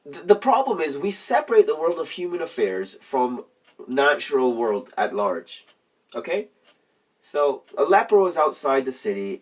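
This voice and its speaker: A man's voice: fairly high pitch, slightly rough. A man telling a religious story and ranting in a casual, profane, rambling monologue, laughing mid-sentence. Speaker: religious vlogger. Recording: distant from the mic.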